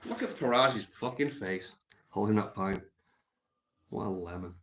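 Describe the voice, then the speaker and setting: A man rambling on his live stream, deadpan and meandering, with lots of ums and trailing thoughts. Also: lowish voice, a little slow. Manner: meandering and deadpan, heavy with fillers.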